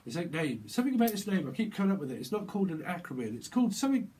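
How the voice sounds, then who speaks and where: A man rambles through a tarot reading, riffing on words and drifting into silly voices as he goes. His voice sits a little on the high side. There is a faint hiss underneath. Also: big pitch swings, rapid-fire, warm tone. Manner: playful, free-associating wordplay; frequent chuckles, slips into silly voices. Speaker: tarot reader.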